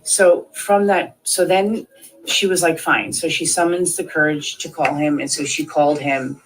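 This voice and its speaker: A woman in her thirties recounts events in an interview, speaking at normal speed in a low, level voice over a rough recording. Her account rambles, is thick with fillers, and she acts out the voices of people she quotes.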